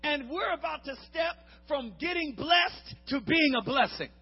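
A man preaching a lively, humorous sermon, acting out the Bible characters and swinging between shouts and hushed asides. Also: very high-pitched, a little slow, highs cut off, soft background music.

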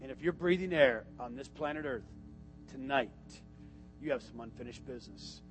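Male preacher, mid-pitched, church sermon with altar call, shifts from hushed directions to shouted climaxes, music bed underneath. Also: normal speed. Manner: swings from quiet instruction to shouted climax. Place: church sanctuary.

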